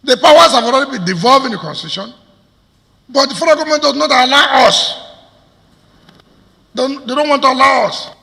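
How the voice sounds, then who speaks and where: A man's voice: very high-pitched, fairly quick, creaky, long pauses, sharp tone. A man with a Nigerian accent, a state governor making a combative public address to stakeholders, firing off rhetorical questions. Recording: reverberant hall.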